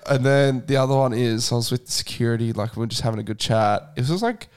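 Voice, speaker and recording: A man chatting on a podcast in a laid-back, slangy way. He tells stories in an everyday, mid-pitched voice. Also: fast talker, darkish tone, clean tone. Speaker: podcast co-host. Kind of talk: casual storytelling chat.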